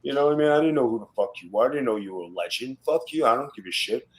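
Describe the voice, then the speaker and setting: A man's voice: medium pitch, animated, racing, rough recording. A man in his fifties, a former wrestler guesting on a podcast, telling stories in a blunt, profane, swaggering way. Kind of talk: casual podcast storytelling.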